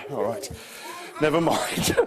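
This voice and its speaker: A man's voice: on the high side, lively intonation, slow pace, crowd noise. A man performing a children's magic show, coaxing a young volunteer with playful, mock-confused patter.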